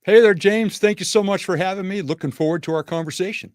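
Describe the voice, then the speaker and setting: A man's voice: high voice, quick pace, dry recording, studio quality. A middle-aged man, a podcast guest, telling his life story steadily and with self-deprecating humor. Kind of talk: interview storytelling.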